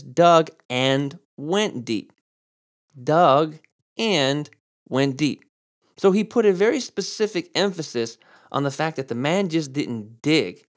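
A man preaching a sermon and explaining Greek words, who repeats key words for stress and switches between slow, drawn-out emphasis and quick asides. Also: a little high. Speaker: pastor. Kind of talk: sermon with Greek word study.

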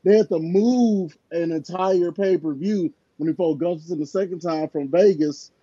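A man's voice: high-pitched, normal speed, dark tone, husky, dry recording, lo-fi sound. A man co-hosting a sports podcast, chatting casually and telling rambling stories packed with filler words.

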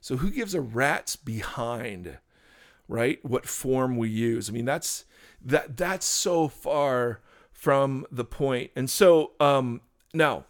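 A man's voice: mid-range voice, lively intonation, takes it slowly. A man co-hosting a talk show, explaining faith in an earnest, preachy way with frequent restarts. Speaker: podcast co-host, pastor. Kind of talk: casual conversational teaching.

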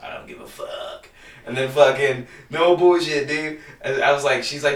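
Casual podcast guy, bright forceful voice, swears a lot, rambles, set back from the mic. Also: mid-range voice, fairly quick, roomy sound, distant mic. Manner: rambling, profane storytelling with lots of "dude". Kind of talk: casual chat.

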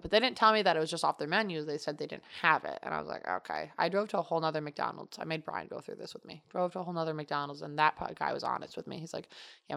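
A woman's voice: deep voice, vocal fry, a bit bright. A young woman co-hosting a podcast, telling rambling stories in casual chat full of fillers. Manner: rambling, chatty storytelling with fillers. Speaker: podcast co-host.

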